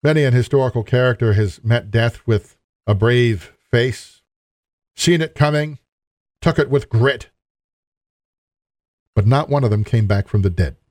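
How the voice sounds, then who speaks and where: A man's voice: mid-range voice, measured pace, pauses often, darkish tone, dry recording. A man preaching a sermon in an earnest, emphatic way, appealing directly to his listeners.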